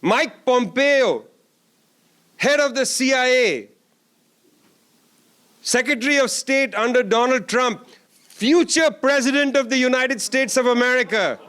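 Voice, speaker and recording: A man's voice: very high-pitched, animated, unhurried, long pauses, a bit bright, clear, resonant tone. A man giving a closing keynote at a conference, speaking emphatically with sarcastic asides and repeated lines. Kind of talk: political speech. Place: conference hall.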